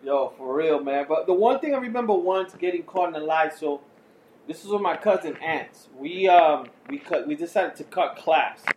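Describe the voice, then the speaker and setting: A man's voice: fairly high pitch, expressive, moderate pace, darkish tone, roomy sound, slight background noise. A man chatting casually over beer on a podcast, telling loose stories with plenty of swearing. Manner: loose storytelling with profanity. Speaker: podcast co-host.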